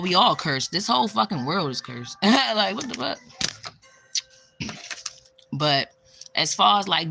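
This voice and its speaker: A woman's voice: fairly low pitch, vocal fry. A young woman chatting casually on a livestream, bluntly and with a lot of profanity, answering her viewers' comments. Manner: blunt and profane, bursts into loud exclamations; reacts to live chat comments. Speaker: spiritual vlogger.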